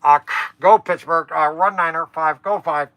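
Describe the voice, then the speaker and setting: A man's voice: fairly high pitch, normal speed, a bit bright, no echo. An older man hosting a livestream, rambling and exasperated, sighing while he chats. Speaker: livestream host.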